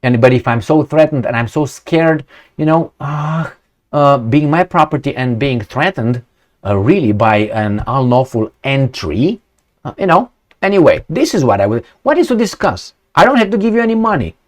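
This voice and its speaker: A man reads out a news story and comments on it bluntly and sarcastically. He fires off rhetorical questions, swears now and then, and stumbles through filler words and restarts. His voice sits at a middling pitch but swings widely up and down. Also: sing-song. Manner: halting, many fillers and restarts.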